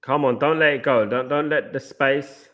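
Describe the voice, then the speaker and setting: A man's voice: medium pitch, steady tone, moderate pace, pushed and bright. Man, watchalong host, live football commentary, rambling, casual. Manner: rambling, chatty, goes off on tangents.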